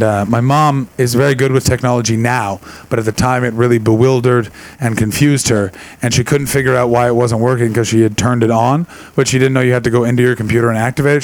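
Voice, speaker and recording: A man with a rough, gravelly voice does stand-up comedy in a live venue. He jokes with audience members in a loose, conversational style. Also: medium pitch, fairly even intonation, quick pace, few pauses, rough recording. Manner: gravelly, shouts impressions of angry people. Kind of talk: stand-up crowd work.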